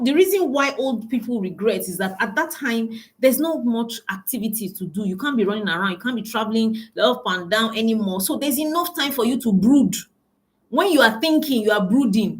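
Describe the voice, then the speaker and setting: An emphatic woman speaks in a fairly high voice. She coaches her listeners directly, repeats key phrases to drive them home, and calls them ladies and gentlemen. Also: animated, moderate pace. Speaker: business coach. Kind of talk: motivational talk to camera.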